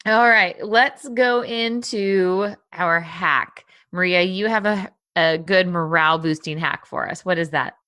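A woman's voice: lowish voice, unhurried, hardly any pauses, pushed and bright. A woman hosting a casual podcast chat, leading segments and laughing often. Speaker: podcast host.

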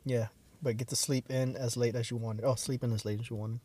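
A woman's voice: rumbling low, steady tone, a little fast, mellow, breathy edge. A young woman co-hosting a casual chat podcast, joking, swearing and laughing a lot. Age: young adult. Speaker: podcast co-host.

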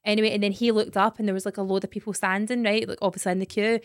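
A woman's voice: mid-range voice, flat delivery, rapid-fire, no room sound, clean studio sound. A young Scottish woman co-hosting a podcast, telling a story in chatty bursts full of "like" and "right?". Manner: chatty, tells stories with lots of "like" and "right?". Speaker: podcast co-host. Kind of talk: casual chat, storytelling.

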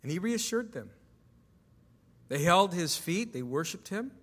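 A man's voice: high-pitched, very animated, a little slow, a bit bright, big-room sound. A man preaching a sermon as pastor to his congregation, emphatic, asking the room questions. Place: church sanctuary.

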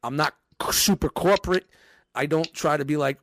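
A man's voice: fairly high pitch, normal speed, gravelly, fairly bright tone, slight background noise. A man managing a store department, chatting casually and telling profane stories with acted-out quotes. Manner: profane, storytelling, acts out quotes. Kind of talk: casual chat.

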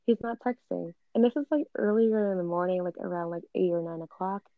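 A young woman casually telling a personal story, animated and full of filler words. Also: lowish voice, brisk, no room sound. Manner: animated, frequent "like" fillers, acts out quoted dialogue. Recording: dull lo-fi recording.

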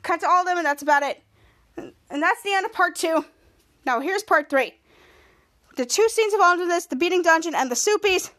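Woman podcast host, casual recap, rambling, restarts often, high voice. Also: brisk, pauses often. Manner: rambling, frequent restarts, excited.

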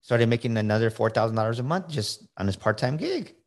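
A man's voice: mid-range voice, expressive, quick pace. A middle-aged man on a podcast, giving casual motivational advice in an emphatic way, often repeating words and checking in with "right?". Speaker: podcast guest, coach.

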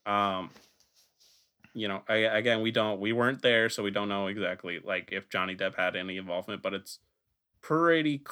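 Male podcast host, lowish voice, casual and profane, quick to laugh. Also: a bit bright, smooth. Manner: joking, swearing, laughs often.

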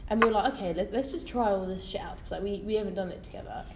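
A woman's voice: mid-range voice, racing, a little hiss or hum. A young woman, a podcast co-host, telling a story in casual chat, swearing freely and reliving it animatedly. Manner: sweary, laughing, animated retelling. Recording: echoey room with faint ambience.

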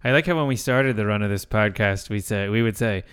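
A man's voice: lowish voice, brisk, fairly bright tone, smooth. A man co-hosting a podcast in casual chat, rambling and self-mocking, often slipping into silly voices, recording indoors at night. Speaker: podcast co-host.

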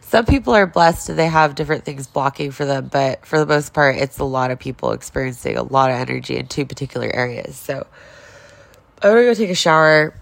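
A woman's voice: very deep voice, fairly quick, creaky. A woman in her forties in a casual confessional vlog, upset and near tears, talking in a raw, rambling way with lots of swearing. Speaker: vlogger.

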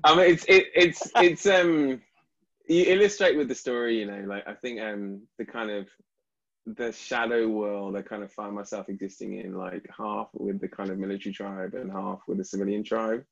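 A man with a lowish voice who hosts the chat and reflects slowly, hunting for words through lots of fillers. His audio sounds slightly dull and lo-fi. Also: vocal fry, fairly bright tone. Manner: hesitant, searching for words with many fillers. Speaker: podcast host, psychologist. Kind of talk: reflective conversation.

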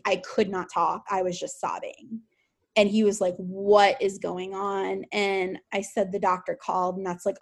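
A young woman talks as a guest on an interview podcast. Her soft-spoken delivery halts often and leans on many fillers. She sits in her middle register. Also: medium pitch. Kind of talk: emotional personal interview.

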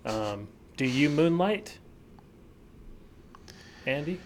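A man co-hosting a podcast in casual chat, teasing his partner and talking in halting bursts with many restarts. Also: fairly high pitch, lively intonation, slight background noise. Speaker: podcast co-host.

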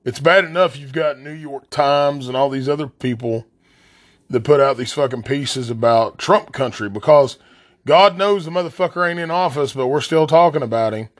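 A podcast host from the southern West Virginia coal fields, speaking with an Appalachian accent, delivers a blunt, angry solo rant laced with heavy profanity. His voice is mid-range and his speed normal.

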